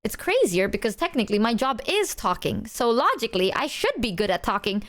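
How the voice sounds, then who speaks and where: Rambling young woman streamer, fairly high. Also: big pitch swings, brisk, a bit bright. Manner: rambling, self-mocking, laughs often, slangy. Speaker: VTuber streamer. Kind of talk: casual chat with stream viewers.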